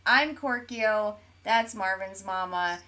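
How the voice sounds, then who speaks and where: Woman co-host, easygoing chatty talk, reads chat comments aloud, plenty of ums, mid-pitched voice. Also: takes it slowly, pushed and bright. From Oklahoma, USA. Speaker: podcast co-host. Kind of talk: casual chat while streaming.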